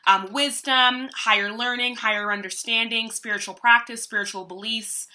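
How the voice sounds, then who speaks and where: A woman's voice: on the high side, steady tone, moderate pace, sharp tone. A young woman doing a casual, chatty tarot reading, talking in a meandering way with lots of fillers. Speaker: tarot reader.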